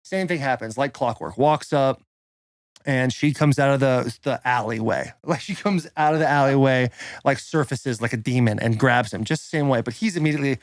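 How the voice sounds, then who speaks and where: A man's voice: medium pitch, moderate pace, no room sound, studio quality. A young man co-hosting a podcast, telling a rowdy story in casual chat and acting out the quotes. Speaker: podcast co-host.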